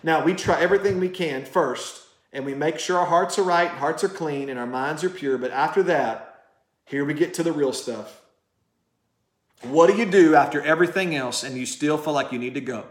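A man's voice: fairly high pitch, normal speed, echoey room. A man preaching a sermon straight to camera, passionate and direct, firing rhetorical questions at the listener. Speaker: pastor.

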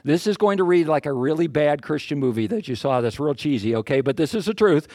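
Older man, pastor, folksy storyteller, slightly high voice, dry close sound. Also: a little fast, no room sound. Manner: folksy, self-deprecating, animated storyteller. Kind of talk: storytelling sermon.

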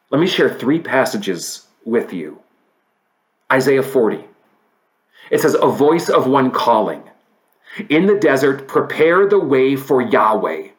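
A man preaching a sermon, reading scripture aloud and swinging from emphatic peaks to quiet, low stretches. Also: big pitch swings, slow pace. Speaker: pastor.

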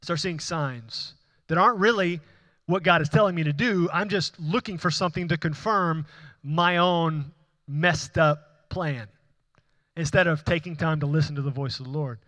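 A man's voice: on the high side, moderate pace, a bit bright. A man preaching a sermon, speaking in an earnest, conversational way with frequent restarts. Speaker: pastor.

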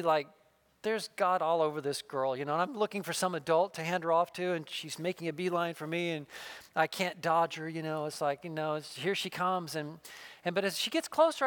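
A man preaching with an earnest, storytelling delivery, sinking into a hush for tender moments. His voice sits very high for a man and sounds smooth and resonant. The sound is close and dry, with no room around it. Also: dry recording. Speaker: pastor. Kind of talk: sermon.

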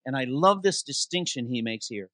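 A man preaching as interim pastor in a church, reading scripture slowly for emphasis and posing questions to the congregation before answering them himself. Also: mid-range voice, dry recording. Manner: animated preaching, reads scripture aloud with slowed emphasis. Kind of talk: sermon. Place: church sanctuary.

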